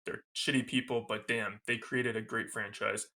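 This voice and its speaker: Bright-voiced excited podcast host. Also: male voice, on the low side, moderate pace. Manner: excited, gushing, laughs often. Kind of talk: casual film discussion.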